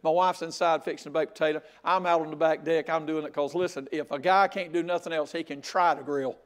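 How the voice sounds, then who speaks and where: Older man, high-pitched, folksy sermon, loud outbursts. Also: steady tone, brisk. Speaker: pastor. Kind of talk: sermon with humorous story.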